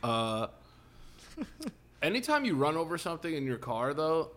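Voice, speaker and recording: A man's voice: fairly high pitch, wildly swooping pitch, measured pace. A young man co-hosting a podcast, chatting casually with loose, profane jokes. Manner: loose, profane, jokey banter. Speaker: podcast co-host. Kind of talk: casual chat.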